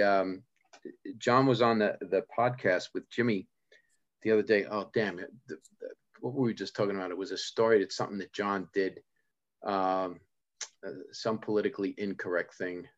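A man hosting a podcast, chatting casually and telling rambling stories with quick asides. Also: on the low side, muffled recording. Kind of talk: casual chat.

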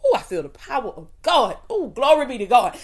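A woman's voice: fairly high pitch, sing-song, brisk. A woman preaching an impassioned video sermon in a folksy, rhythmic way, calling out "come on now" and "baby" and whooping between phrases.

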